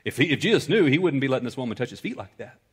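A male pastor preaching a sermon, swinging between loud, high-pitched bursts and hushed, low-voiced passages. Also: big pitch swings, racing, husky.

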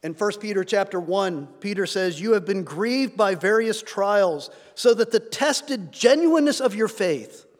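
A man's voice: high-pitched, expressive, unhurried, hardly any pauses, big-room sound. A man preaching a sermon, earnest, lifting his voice when he reads scripture aloud.

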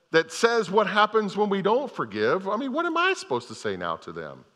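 Older man, pastor, sermon, bright tone, storytelling, long hall reverb. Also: on the high side. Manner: retells a parable in a storytelling voice, often restarting phrases.

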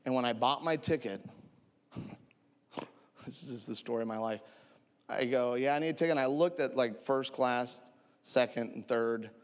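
A man telling a humorous story as a preacher, animated and joking with his audience. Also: medium pitch, a little slow, pauses often, long reverb tail. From United States. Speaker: traveling preacher.

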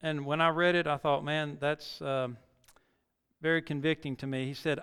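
A man's voice: on the high side, moderate pace, a bit bright, clean tone. A male pastor preaching a sermon, reading scripture dramatically and building to emphatic peaks. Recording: long reverb of a large hall.

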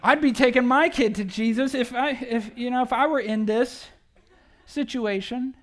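A pastor preaching a sermon to a church in a conversational, animated way, often asking rhetorical questions. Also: medium pitch, normal speed. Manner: animated, acts out quoted speech.

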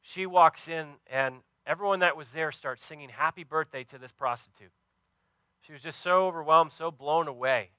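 A man's voice: fairly high pitch, moderate pace, sharp tone, clean tone, dry recording. A man preaching a sermon, telling a story earnestly and stumbling over fillers as he speaks to his congregation. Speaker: pastor.

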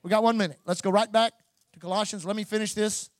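A man preaching a sermon as pastor, building to loud, repeated calls to his church. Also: high voice, steady tone, quick pace, no room sound. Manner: preaching with rising, shouted repetition.

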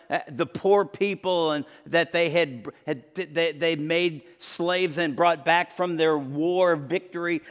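Man, pastor preaching, higher pitch, loud emphatic peaks and quiet lows, reverberant hall. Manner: preaching with strong swings between loud emphatic peaks and low quiet passages. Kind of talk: sermon. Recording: long reverb of a large room.

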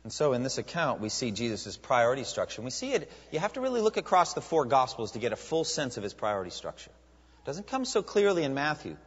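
Husky man preaching in a reverberant hall. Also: medium pitch, quick pace. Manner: animated preaching with rhetorical questions. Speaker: pastor. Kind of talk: sermon. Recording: dull lo-fi sound with long hall reverb.

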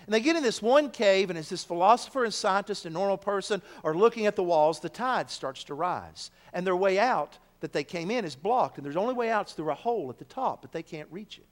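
High-voiced preacher, emphatic storytelling. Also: male voice, lively intonation, a little fast, hardly any pauses, big-room sound. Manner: storytelling, building to emphatic declarations. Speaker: pastor. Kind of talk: sermon.

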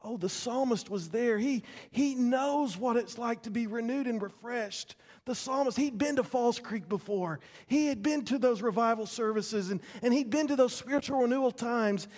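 A man preaching a sermon as pastor, dramatic, repeating words and swinging between loud passages and hushed ones. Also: very high-pitched, normal speed, few pauses.

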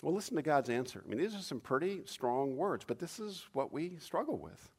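A man preaching a sermon in an animated way, acting out cries with sudden loud, high bursts. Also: a little fast, husky. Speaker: pastor.

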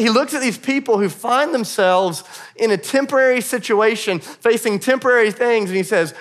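A man in his thirties, a pastor, preaching a sermon in a conversational way with quick asides and self-deprecating humor. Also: high voice, fairly bright tone.

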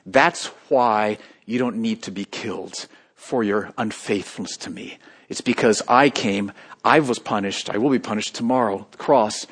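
A man preaching a sermon, moving between hushed, quiet passages and loud, emphatic calls to the congregation. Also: fairly low pitch, slightly rough. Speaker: pastor.

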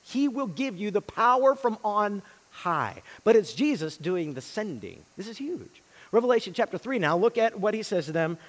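A man preaching a sermon, swinging between loud emphasis and hushed, quiet lines. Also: high-pitched, animated, moderate pace, few pauses, long reverb tail. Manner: dynamic delivery, swinging from loud emphasis to hushed near-whispers. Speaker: pastor.

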